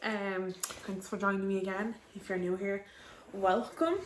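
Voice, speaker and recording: A woman's voice: medium pitch, steady tone, unhurried, a little hiss or hum. A young woman in her early twenties with a Dublin Irish accent, telling a personal story to camera in a chatty, rambling way full of "um" and "like.". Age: early 20s. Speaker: vlogger. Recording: roomy echo.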